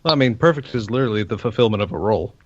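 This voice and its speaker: Fast, wry male podcast co-host. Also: on the low side, lively intonation, husky. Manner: wry, argumentative, teasing. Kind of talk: casual podcast chat. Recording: dry, dull lo-fi audio.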